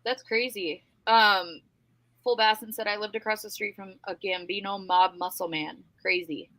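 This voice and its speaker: A woman's voice: medium pitch, fairly even intonation, moderate pace, fairly bright tone, no echo, poor audio. A woman hosting a casual livestream, reading viewer comments aloud and thanking viewers. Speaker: livestream host.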